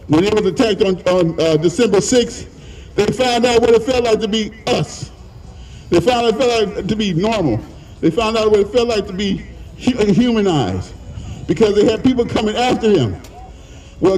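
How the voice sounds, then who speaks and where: A man with a fairly high voice rallies a crowd outdoors with a fiery, plain-spoken speech. He is a little out of breath and pushes toward shouting. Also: poor audio. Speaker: union leader and rally speaker. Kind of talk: impassioned rally speech. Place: outdoor protest rally.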